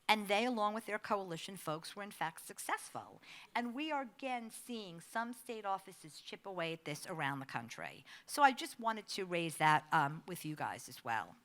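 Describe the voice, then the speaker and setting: A middle-aged woman giving a conversational presentation, an animated storyteller who laughs often. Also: mid-range voice. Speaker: advocacy staff speaker.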